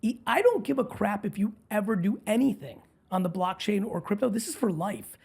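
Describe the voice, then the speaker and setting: A man with a gravelly, husky voice, hosting a podcast interview. He drives his points home emphatically and with urgency, pressing his listeners directly. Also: high-pitched, sing-song, a little fast, a little mellow. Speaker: podcast host.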